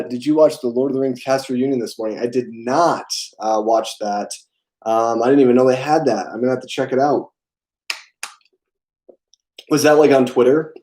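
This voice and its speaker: A young man hosting a casual live stream, talking haltingly with many fillers and answering viewers' chat messages. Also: medium pitch, mellow, poor audio. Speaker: film channel host.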